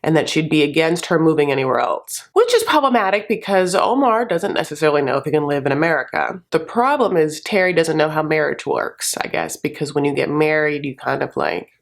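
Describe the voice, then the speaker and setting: A sassy woman talking straight to camera in a casual comedic recap. Her voice sits on the low side for a woman, and she swears freely and jumps into little put-on voices for the people she quotes. It is an animated, gossipy vlog delivery. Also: fairly quick, creaky, hardly any pauses. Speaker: reality TV recap vlogger.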